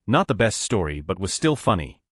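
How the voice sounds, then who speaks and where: Male narrator, low voice, fast lively read, dry close sound. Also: no room sound. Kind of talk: reading stories aloud.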